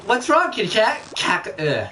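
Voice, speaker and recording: A man doing a high sneering cartoon villain. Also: wildly swooping pitch, a little slow, bright, forceful tone, far from the mic, slight background noise, full character voice. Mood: taunting. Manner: high, mocking, sing-song taunts.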